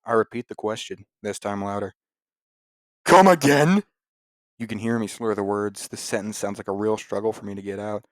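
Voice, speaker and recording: Man doing deadpan mock-dramatic readings. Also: fairly low pitch, quick pace, hardly any pauses, dry recording. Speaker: host. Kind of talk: comedic dramatic reading of posts.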